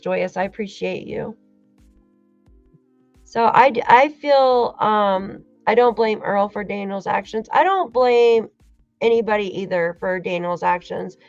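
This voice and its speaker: A woman's voice: medium pitch, no room sound. Give me a woman host on a casual livestream, passionate and teary, with a muffled, dry sound. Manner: emotional, thanks viewers, rambling with restarts. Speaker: true crime livestream host.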